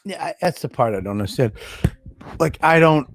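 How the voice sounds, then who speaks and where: A man's voice: mid-range voice, expressive, a little fast, a little hiss or hum. A man co-hosting a podcast in casual chat, profane and rambling with frequent restarts. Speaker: podcast co-host.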